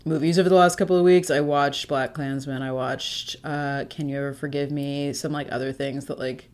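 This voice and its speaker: A woman's voice: deep voice, fairly even intonation, normal speed, a little mellow. A woman co-hosting a podcast in casual chat, with a dry, joking manner and frequent laughter. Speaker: podcast co-host.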